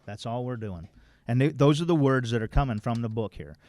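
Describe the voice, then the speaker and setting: A man's voice: mid-range voice, lively intonation, brisk, darkish tone, no echo, clean studio sound. A man leading a recovery workshop, reading from a text and explaining it in blunt, folksy, mildly profane everyday language. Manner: quotes text then explains it plainly. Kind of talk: informal workshop talk.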